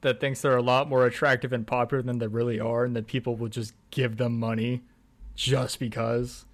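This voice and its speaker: A man's voice: mid-range voice, little pitch movement, a little fast. A young man co-hosting a podcast, teasing and sarcastic in casual banter. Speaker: podcast co-host.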